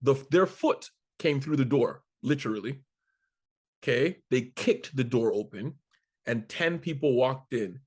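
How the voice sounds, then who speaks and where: A man from Canada, a comedian guest in an interview, telling a story with animated energy and acting out the voices of the people in it. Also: mid-range voice, measured pace, breathy edge. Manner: animated, acts out quoted voices, swears casually.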